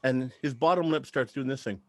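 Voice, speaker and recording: A man's voice: medium pitch, brisk, no echo. A man in his thirties doing a stand-up comedy set, telling chatty stories with act-outs.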